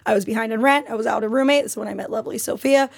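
A woman's voice: a little high, racing, creaky, slightly rough. A young woman guest in a casual podcast chat, telling travel stories in an unfiltered, swearing way.

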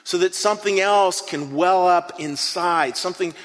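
A man's voice: high-pitched, moderate pace. Earnest preacher man in a reverberant hall. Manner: animated, earnest, repeats words often. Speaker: pastor. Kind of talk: interactive sermon. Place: church hall.

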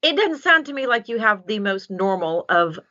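A woman dog trainer giving casual, animated advice and acting out what a dog might say. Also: medium pitch, moderate pace. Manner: animated, acts out dog voices. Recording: dull lo-fi sound.

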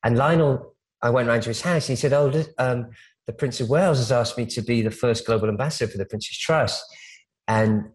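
A man in casual interview chat, recounting anecdotes at length. He circles back, restarts phrases and leans on fillers as he goes. His pitch sits in an ordinary middle range. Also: a little fast, poor audio. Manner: rambling, storytelling with frequent restarts and fillers. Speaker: celebrity stylist, guest.

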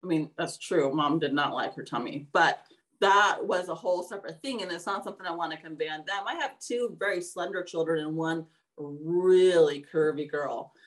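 A woman's voice: deep voice, moderate pace. A middle-aged woman co-hosting a podcast, speaking earnestly and encouragingly in casual chat. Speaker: podcast co-host.

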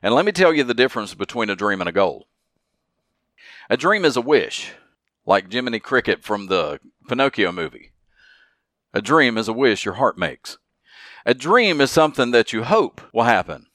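A man's voice: mid-range voice, very animated, normal speed, a bit bright, dry recording, studio quality. A man hosting a solo motivational podcast, talking earnestly and leaning hard on repeated key phrases. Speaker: podcast host.

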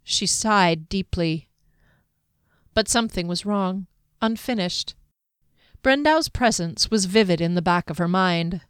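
A woman's voice: mid-range voice, clean tone, dry recording. Woman reading fantasy, dry close sound. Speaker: audiobook narrator. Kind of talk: scripted fantasy narration.

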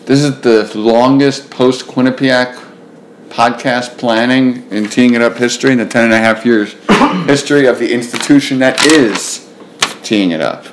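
A man's voice: medium pitch, steady tone, normal speed. A man hosting a casual podcast, opening in a mock-grand announcer tone and joking with his guests. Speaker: podcast host.

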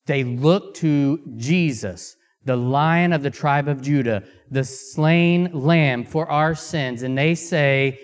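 Slow, deliberate male preacher. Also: a little high. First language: Amharic. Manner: reads scripture aloud, then asks the congregation questions; slow, deliberate pacing with emphatic pauses. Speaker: missionary preacher. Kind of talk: sermon.

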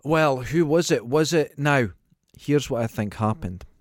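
A man's voice: mid-range voice, measured pace, no room sound, studio quality. A man co-hosting a podcast, giving wry, emphatic opinions on a film in casual, sweary chat. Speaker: podcast co-host.

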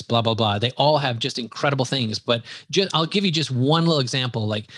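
A man with a Wisconsin accent, a podcast guest talking in an energetic, chatty way with quick asides. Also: medium pitch, no echo, studio quality. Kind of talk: casual interview chat.

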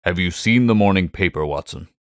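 A man voicing a cool, brilliant middle-aged detective who speaks in a calm, measured, quietly superior way. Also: deep voice, dry recording, studio quality, natural voice. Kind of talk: audiobook character voice.

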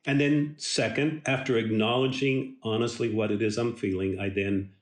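A man giving a devotional Bible teaching in a slow, emphatic and earnest way. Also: mid-range voice, steady tone, reverberant.

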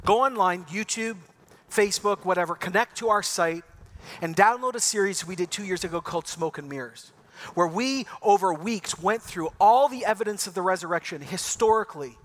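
A man preaching an Easter sermon as pastor, moving from impassioned calls to a quiet, earnest prayer. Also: high voice, normal speed.

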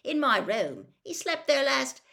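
A woman's voice: sits high, sing-song, a little slow, creaky, bright, forceful tone, pitched above the performer's own voice, exaggerated voice. Woman doing a plain matter-of-fact teenage boy. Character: slow-on-the-uptake teenage boy.

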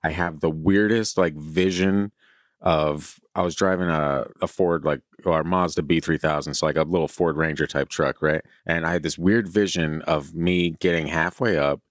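A man with an extremely low voice talks casually as a podcast co-host, rambling through a story with many fillers. He is chewing candy as he speaks. The sound is dry and close. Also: steady tone, normal speed, dry recording. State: chewing candy while talking. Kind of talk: casual chat.

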